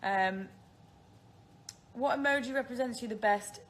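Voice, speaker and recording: A woman in her twenties from the Isle of Man chats casually on a phone livestream, answering viewer questions and often laughing at herself. Her British-accented voice is a little high and measured in pace, with slight background noise.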